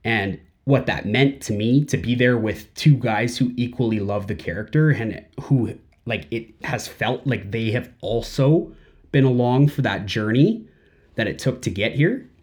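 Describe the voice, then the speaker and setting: A man's voice: medium pitch, animated, a little slow, a little mellow. A man hosting a podcast in a casual monologue, rambling and full of fillers. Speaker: podcast host.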